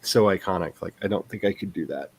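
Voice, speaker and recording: A man's voice: sits low, quick pace, a little mellow, slightly rough. A man who writes books, hosting a casual stream chat in a rambling, self-deprecating way and laughing often.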